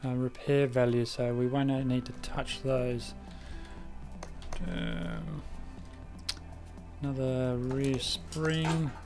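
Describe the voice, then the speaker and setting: With music playing under him, a man from South Australia talks in an animated mid-range voice, drawing out words, using vocal fry, and pausing often. He's streaming a car repair game live, and his casual commentary, in an Australian accent, is chatty and rambling, losing its thread at times.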